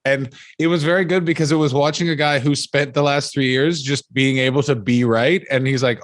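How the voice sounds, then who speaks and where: A man's voice: mid-range voice, fairly even intonation, brisk, hardly any pauses, no room sound, studio quality. A young man co-hosting a comedy podcast, rambling and swearing and slipping into jokey impressions of people. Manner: rambling, profane, mimics people in jokey voices. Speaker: podcast co-host. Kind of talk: casual comedic chat.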